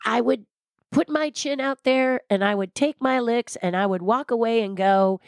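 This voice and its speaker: A woman giving an interview, telling inspirational stories in an animated way and repeating words for emphasis. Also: mid-range voice, a little slow, creaky, no room sound, studio quality. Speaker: interview guest. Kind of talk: animated motivational storytelling.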